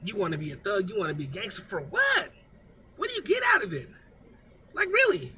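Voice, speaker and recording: Guy ranting to camera, swears a lot, preachy, really high sharp voice. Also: huge pitch swings, brisk. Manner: profane, preachy, emphatic. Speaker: vlogger. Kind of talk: unscripted motivational rant.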